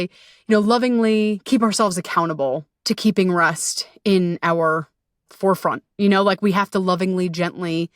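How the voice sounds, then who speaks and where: A woman's voice: mid-range voice, dry recording, studio quality. Chatty swearing woman podcaster. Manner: chatty, swearing, playful asides. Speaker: podcast host. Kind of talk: casual solo podcast talk.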